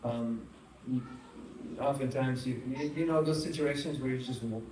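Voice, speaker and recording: A man's voice: medium pitch, moderate pace. A man giving a spiritual talk to a live audience, chatty and engaging, asking the room questions and telling funny stories. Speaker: spiritual teacher. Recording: roomy hall, distant mic, faint noise.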